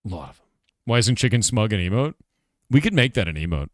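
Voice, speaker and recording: A middle-aged man streaming a casual chat about making his game, laid-back and quick to laugh, calling people "dude" and reading chat questions aloud. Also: on the low side, sing-song, dry recording, studio quality. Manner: reads chat questions aloud and answers them.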